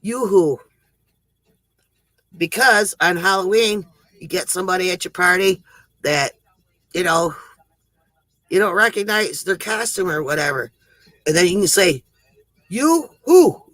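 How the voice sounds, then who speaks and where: A man's voice: high voice, unhurried, pauses often, pushed and bright, no echo, low-quality recording. A man casually telling corny jokes on a livestream, chuckling at his own punchlines and rambling through them. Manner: rambling, self-interrupting delivery. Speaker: livestream joke teller.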